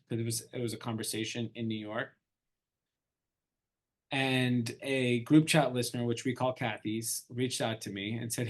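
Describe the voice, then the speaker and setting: A middle-aged man, an entrepreneur guest in an interview, telling a story casually and acting out the dialogue. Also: medium pitch. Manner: animated storyteller, acts out quoted dialogue.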